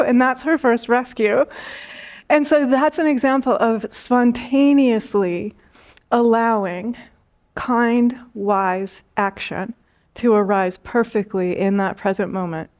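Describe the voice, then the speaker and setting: A woman spiritual teacher giving a talk, telling stories gently with light laughs and repeated phrases. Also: high-pitched.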